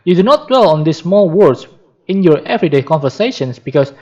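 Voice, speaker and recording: Man reading aloud with lively pitch. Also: brisk. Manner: careful reading with frequent restarts and self-corrections. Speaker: reader practicing reading aloud. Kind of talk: reading a book aloud for practice. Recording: dull lo-fi recording.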